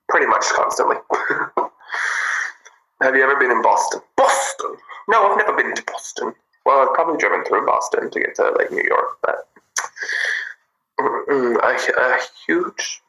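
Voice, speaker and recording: A man chatting casually with viewers on a livestream, bubbly and giggly, in an animated way. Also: medium pitch, measured pace, long pauses, echoey room, rough recording. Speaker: livestream host.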